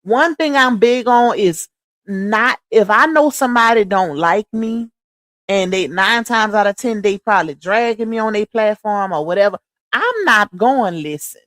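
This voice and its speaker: A woman's voice: medium pitch, expressive, normal speed, a bit bright, no room sound. Dry-voiced chatty woman livestreaming. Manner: chatty and preachy, addresses viewers as y'all. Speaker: livestream host. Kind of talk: casual livestream chat.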